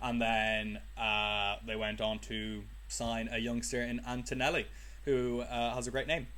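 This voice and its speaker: A man's voice: medium pitch, flat delivery, measured pace, bright, forceful tone. A young man co-hosting a podcast, thinking aloud in a casual, rambling way with frequent ums. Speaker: podcast co-host. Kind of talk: casual chat.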